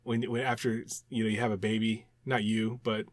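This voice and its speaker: A man co-hosting a podcast in casual chat, animated and rambling, often repeating words as he explains. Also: on the low side, fairly quick, dry recording, clean studio sound. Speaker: podcast co-host.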